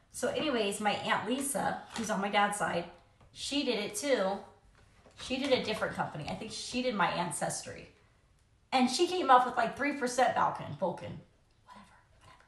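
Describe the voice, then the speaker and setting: A woman's voice: mid-range voice, animated, brisk, fairly bright tone, slight background noise. A young woman chatting casually into her phone camera at home while doing her makeup, rambling and laughing often. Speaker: vlogger, mom of three. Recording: echoey room.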